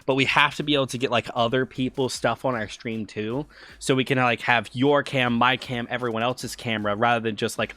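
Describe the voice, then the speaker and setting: A man's voice: mid-range voice, fairly even intonation, fairly quick, few pauses, pushed and bright. A man chatting casually on a livestream while running a tabletop game. He rambles, stammers through restarts and keeps getting sidetracked. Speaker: game master and streamer.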